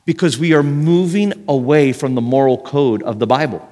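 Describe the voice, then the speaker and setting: A man preaching a lively sermon, with dramatic gasps and bursts of shouting. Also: medium pitch, moderate pace. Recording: long reverb of a hall.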